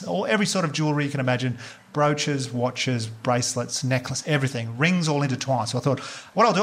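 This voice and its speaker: Fast-talking Australian man doing stand-up. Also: mid-range voice, slight background noise. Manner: rapid, animated storytelling with profanity. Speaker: stand-up comedian. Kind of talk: stand-up comedy routine. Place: live venue with audience. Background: audience laughter.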